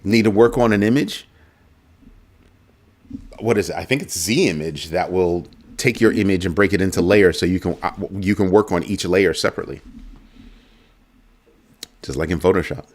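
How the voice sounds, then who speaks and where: A man's voice: sits low, moderate pace, long pauses, a little mellow. A man hosting a casual talk show, telling a story and mimicking a coworker with emphatic asides. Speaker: host. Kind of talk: casual chat.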